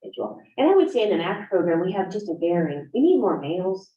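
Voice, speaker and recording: At a career event panel in a university event room, a woman who instructs in a graduate program speaks frankly and conversationally in a lowish, very animated voice at a fast pace. The recording is distant, echoey, and dull.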